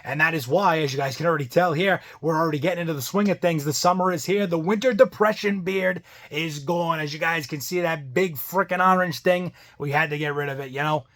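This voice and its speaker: A man's voice: a little high, brisk, hardly any pauses, a bit bright. A man hosting a casual wrestling review vlog, rambling and loose, trailing off and restarting his thoughts.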